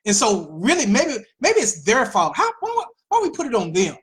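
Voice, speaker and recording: A woman hosting a political commentary show, talking in an animated way with mocking asides and repeated phrases. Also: fairly high pitch, normal speed. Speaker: host.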